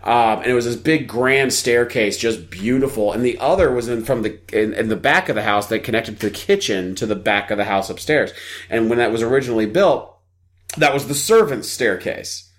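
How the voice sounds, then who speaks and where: A man's voice: medium pitch, expressive, normal speed. A man from New Jersey co-hosting a podcast, telling a crude, joking story in casual chat and acting out the voices of the people in it. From New Jersey, USA. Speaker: podcast co-host.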